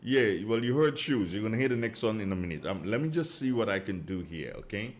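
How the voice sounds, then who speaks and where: A man's voice: fairly low pitch, expressive, a little fast. A man hosting a live morning radio show from a studio, chatting casually and rambling as he reads out listener greetings.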